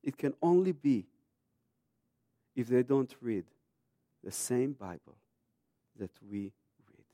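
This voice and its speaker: Brief: male preacher in his thirties, emphatic, moves between hushed and loud delivery. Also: medium pitch, animated, slow, pauses often, dry recording, studio quality. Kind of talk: sermon.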